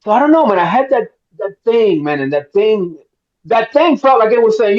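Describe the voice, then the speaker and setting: A man's voice: high-pitched, normal speed, lo-fi sound. A middle-aged man from Miami, an actor telling a long anecdote at a roundtable interview and acting out the voices in it. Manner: animated storyteller, acts out quotes. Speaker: actor guest.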